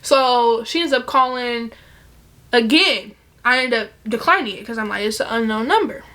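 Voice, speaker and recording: A young woman telling a casual storytime, animated and profane, acting out the other people's lines in bursts. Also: a little high, normal speed.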